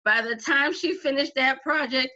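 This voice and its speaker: A woman with a bright, fairly high voice, talking casually as a guest and acting out quotes as she tells stories. The recording sounds a little dull and lo-fi. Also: moderate pace. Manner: animated storyteller, acts out quotes. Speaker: interview guest, craft teacher. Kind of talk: casual conversation.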